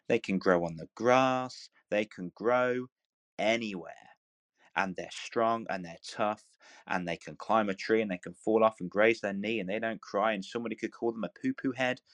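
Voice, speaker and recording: A man talks warmly in an encouraging, motivational way, repeating phrases and restarting as he presses a point. His voice sits low. The sound is dry and close, with no room around it. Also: dry recording. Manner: earnest, repetitive, coaxing, full of restarts. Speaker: live audio room speaker.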